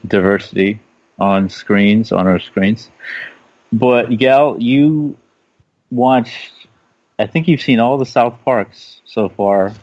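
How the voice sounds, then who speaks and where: A low-pitched man co-hosts a radio talk show in a laid-back, stop-and-start manner, filling gaps with "uh." The sound is dull and lo-fi and very dry. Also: dry recording. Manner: relaxed, halting, many "uh" fillers. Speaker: co-host. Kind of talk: casual radio show chat.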